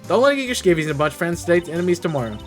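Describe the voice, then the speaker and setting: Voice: medium pitch, big pitch swings, rapid-fire, faint music behind, pitched above the performer's own voice, close to an everyday voice. A streamer voicing a brash, folksy Southern woman photographer with a drawling accent. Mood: sassy. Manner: folksy, drawling, full of sayings.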